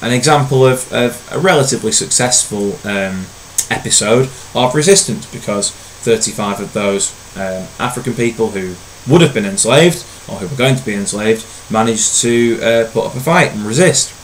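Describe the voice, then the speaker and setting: A lower-pitched man explains a history topic like a teacher talking to his own class. He is relaxed and conversational and fills his pauses with ums and uhs. A faint hiss sits under the recording. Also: rough recording.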